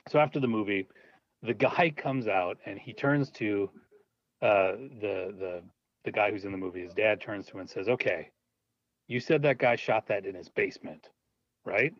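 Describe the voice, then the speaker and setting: A man's voice: on the low side, moderate pace, no room sound. A man as an interview guest, telling a story in a casual, laughing way and acting out the voices in it. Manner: animated, laughing, acts out voices in his stories. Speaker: guest, low-budget filmmaker. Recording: dull, dry lo-fi audio.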